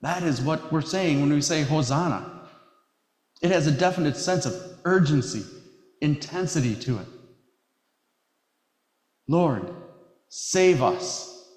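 Male pastor, sermon delivery, measured and emphatic, long church reverb. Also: fairly high pitch. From Wisconsin. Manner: measured and emphatic, slowing on key phrases. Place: church sanctuary. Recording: echoey hall reverb.

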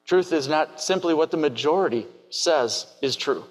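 A man preaching a sermon in a measured, reflective way, asking many rhetorical questions. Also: on the high side, lively intonation, rough recording. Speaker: pastor.

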